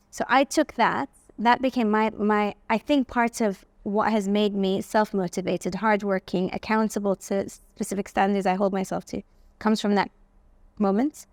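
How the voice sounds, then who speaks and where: Gravelly-voiced woman telling stories. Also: medium pitch, no echo. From England. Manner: animated, acts out quoted voices, frequent "like". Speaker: guest, facial aesthetics practitioner. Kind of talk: personal storytelling interview.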